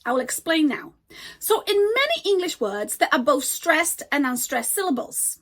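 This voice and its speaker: A woman teaching an English grammar lesson, slowly and deliberately modeling example words. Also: sits high, big pitch swings, a bit bright.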